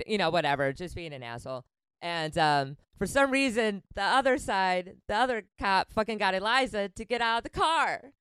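A woman's voice: mid-range voice, lively intonation, moderate pace, a bit bright, clean tone, no echo. A woman in her late twenties casually telling a story on a podcast, swearing freely, laughing often and acting out the lines of the people in it. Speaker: comedian guest.

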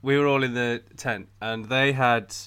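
Male co-host, bright clear tone, animated anecdote-teller, laughs a lot. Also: medium pitch, unhurried. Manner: animated storyteller, laughs often. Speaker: podcast co-host telling a story. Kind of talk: casual comedic chat.

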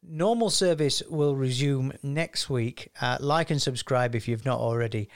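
A man's voice: mid-range voice, measured pace. A man hosting a podcast, chatting casually and joking as he tries out impressions. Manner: jokey, laughing, trying out impressions. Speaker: podcast host. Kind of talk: casual chat.

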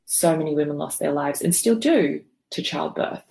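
A woman appears as a podcast guest telling her birth story, a raw, emotional account in which she swears freely and rambles with many fillers and restarts. Her voice is low, gravelly, and a little mellow, animated, at a moderate pace.

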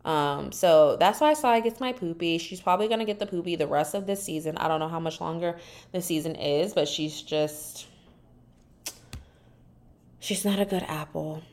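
Solo woman podcast host, low-ish voice, sassy casual recap chat with exaggerated put-on quotes. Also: normal speed, a little mellow. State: dry mouth.

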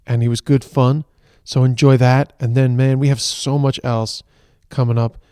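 A man's voice: medium pitch, level tone, normal speed, mellow, smooth, no echo. An Irish man co-hosting a podcast in casual chat, talking in loose, restarting phrases. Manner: chatty, restarts phrases often. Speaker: podcast co-host. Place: moving car. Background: traffic and train noise.

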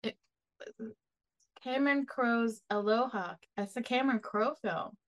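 A woman co-hosting a casual chat, chiming in quickly and agreeing eagerly. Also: on the high side, poor audio. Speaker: podcast co-host.

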